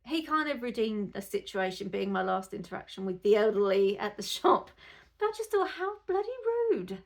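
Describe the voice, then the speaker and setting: Chatty mum with a gravelly edge. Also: female voice, medium pitch, big pitch swings, fairly quick. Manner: chatty, rambling, grows indignant. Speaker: mother vlogger. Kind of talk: casual chat to camera.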